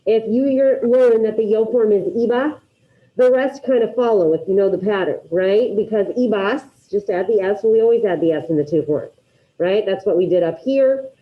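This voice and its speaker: A woman's voice: medium pitch, moderate pace. A woman teacher runs a class with upbeat energy, drilling repetition and firing questions at her students. Her voice sits in a middle register. The recording is dull and lo-fi, like a classroom capture. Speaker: Spanish teacher. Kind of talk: classroom grammar lesson.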